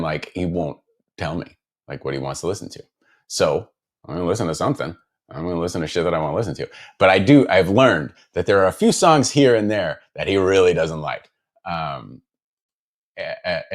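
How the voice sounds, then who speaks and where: A man building guitars, chatting casually and rambling while he works in his workshop, with lots of fillers and self-deprecating asides. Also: low voice. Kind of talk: casual chat while working.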